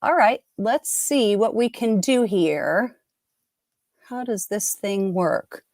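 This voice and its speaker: A woman's voice: medium pitch, expressive, slow, darkish tone, no room sound, studio quality. A middle-aged woman hosting a live trivia game, chatting casually and upbeat, often breaking off mid-sentence. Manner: chatty, upbeat, self-interrupting. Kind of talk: casual live-stream chat.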